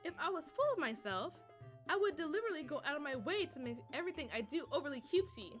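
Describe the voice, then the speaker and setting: A woman voicing a shy, reserved, bookish teen girl, reading game dialogue aloud in a soft, measured, hesitant way. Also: high voice, sing-song, faint music behind.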